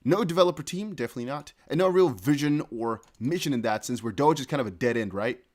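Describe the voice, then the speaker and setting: A man hosting a casual live crypto news stream, excitably thinking aloud as he reads viewer chat and posts. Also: medium pitch, fast talker. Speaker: crypto news livestream host.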